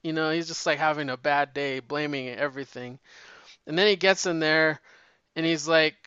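Rambling, profane man with bright voice. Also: a little high, moderate pace, clear, resonant tone, no room sound. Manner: rambling, profane, frequent restarts. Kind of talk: casual chat. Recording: dull lo-fi recording.

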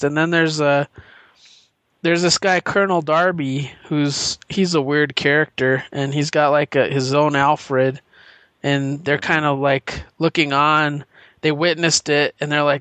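A man's voice: a little high, level tone, measured pace, fairly bright tone, clear, resonant tone, no room sound. A man co-hosting a podcast, eagerly retelling scenes in casual chat. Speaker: podcast co-host.

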